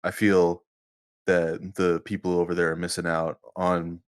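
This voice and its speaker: A man with a fairly low voice co-hosts a casual podcast. He gives profane, mock-serious asides and explains things at length in a loose, conversational way. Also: flat delivery, a little slow. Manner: crude, mock-serious humor. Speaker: podcast co-host.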